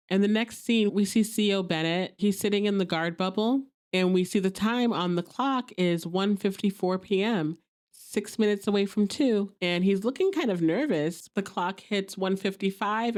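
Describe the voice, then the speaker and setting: A young woman hosting a podcast, casually recapping a TV episode, chatty and sympathetic, sometimes acting out the characters' lines. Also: medium pitch. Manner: chatty, reacts with sympathy and disbelief, briefly acts out quoted lines.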